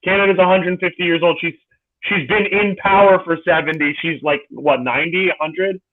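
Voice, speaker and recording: A man's voice: on the high side, fairly even intonation, normal speed, crowd noise. A man co-hosting a podcast, laid-back and hesitant, with many fillers. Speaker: podcast co-host. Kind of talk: casual podcast banter. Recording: tinny phone-like call audio.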